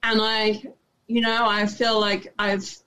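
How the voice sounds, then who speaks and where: A young adult woman speaks about herself in a relaxed interview. Her voice sits in a middle range, and she often pauses and restarts. She comes across as thoughtful and earnest. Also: medium pitch, slight background noise, rough recording. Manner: reflective, halting with many restarts and fillers. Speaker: interview guest, actor. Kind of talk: casual interview chat.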